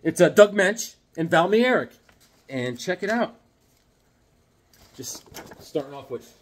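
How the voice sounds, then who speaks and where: A husky-voiced man in his fifties, sitting a little high in pitch, talks about comics in a loose, rambling, joking way. His voice jumps up and down a lot as he gets excited. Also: slow pace, pauses often. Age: 50s. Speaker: comic book vlogger. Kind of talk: casual chat to camera.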